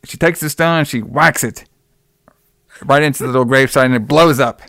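A young man casually recapping a film plot in loose, profane talk, slipping into quick voices for the characters. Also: mid-range voice, vocal fry, fairly bright tone, no room sound, clean studio sound. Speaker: podcast co-host recapping a movie.

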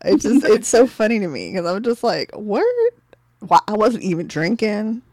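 A woman's voice: mid-range voice, animated, normal speed, darkish tone, no room sound. A woman co-hosting a podcast, telling stories and laughing often. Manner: storytelling with lots of laughter. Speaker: podcast co-host. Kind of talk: casual chat.

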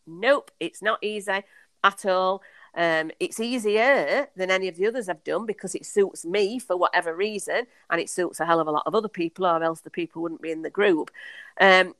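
An enthusiastic woman chats on a podcast, telling her story in a lower-pitched voice. She talks with lots of fillers and restarts. The recording is close and dry, with no room sound. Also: fairly bright tone, no room sound. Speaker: podcast guest. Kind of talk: casual conversational storytelling.

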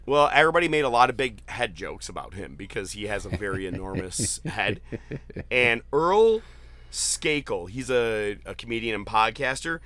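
A man hosting a casual podcast chat, retelling jokes with excited, profane laughter. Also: fairly low pitch, normal speed. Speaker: podcast host. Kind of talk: casual chat recapping an event.

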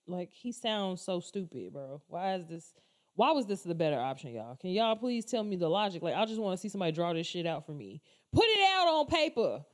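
A woman's voice: lowish voice, sing-song, a little fast. Exasperated woman ranting to her viewers. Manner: exasperated, profane, rambling, addresses viewers as y'all. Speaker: commentator. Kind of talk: casual opinion vlog rant.

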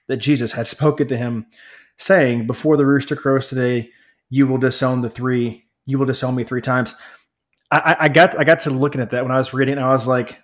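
Podcast co-host, man, mid pitch, earnest and halting, casual Bible chat. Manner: halting, repeats words, earnest.

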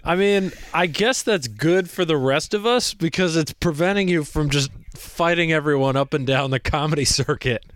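A man's voice: fairly high pitch, moderate pace, hardly any pauses, a bit bright. Man reacting with short exclamations. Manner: short shocked reactions and quips. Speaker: podcast host. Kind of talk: casual podcast interview.

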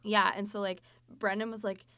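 A woman chatting casually about a book and telling a story, full of fillers and lively asides. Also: mid-range voice, moderate pace.

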